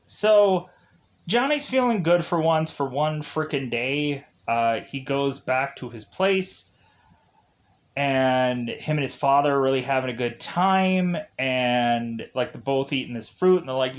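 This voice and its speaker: A man recapping a movie in a loose, rambling way, with a middle-pitched voice. He laughs often and leans on filler words as he tells the story. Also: expressive, unhurried. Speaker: film reviewer. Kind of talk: casual spoken film recap.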